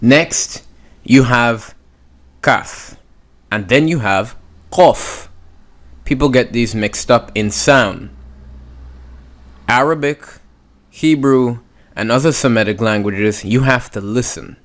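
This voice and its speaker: A man teaching a beginners' language lesson, patiently sounding out words and repeating them. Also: medium pitch. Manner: patient, drawn-out pronunciation demos. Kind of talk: slow spoken lesson.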